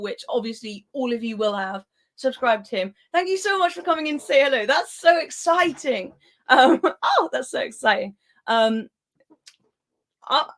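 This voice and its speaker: A young woman who grew up in Spain hosts a football live stream at home. She talks in a chatty, giggly way at an ordinary, middling pitch and reads viewers' comments aloud. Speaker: football channel host. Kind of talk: casual live-stream chat.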